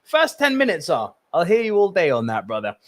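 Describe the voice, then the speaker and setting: A man's voice: high voice, huge pitch swings, a little fast, fairly bright tone, dry recording, studio quality. A man hosting a solo podcast, talking passionately and in a rambling way while reading out live chat comments. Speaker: podcast host.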